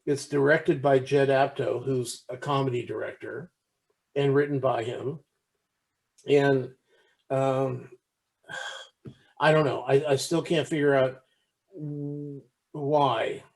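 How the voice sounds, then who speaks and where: Guy rambling about a movie on a podcast, lots of uh and restarts, mid pitch. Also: steady tone, slow pace, gravelly, pauses often. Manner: rambling with many restarts and fillers, acts out quoted lines. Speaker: podcast co-host. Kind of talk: casual chat.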